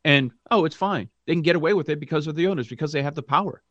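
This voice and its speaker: A man in a casual sports talk show speaks with indignation, often pausing on fillers and restarts. His voice is a little high for a man. The recording is dry and somewhat muffled, with a lo-fi quality. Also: a bit bright, dry recording.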